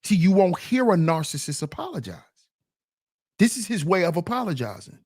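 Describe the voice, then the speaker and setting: A man talks over a clip with lively, swinging pitch and a slightly raised voice. He is emphatic and keeps prodding the listener. The sound is dry and close to the mic. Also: normal speed, dry recording. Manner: animated, emphatic, repeats "see". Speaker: commentary host. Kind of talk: casual commentary on a video clip.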